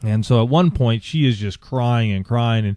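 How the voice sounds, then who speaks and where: A man co-hosting a podcast, telling a candid personal story in a halting way, with many restarts and fillers. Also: mid-range voice, darkish tone, no room sound, clean studio sound. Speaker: podcast co-host.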